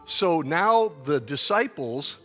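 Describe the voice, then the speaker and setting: A man's voice: on the high side, sing-song, slow pace, fairly bright tone, soft background music. A male pastor preaching at a church dinner, teaching and leading the people in call-and-response.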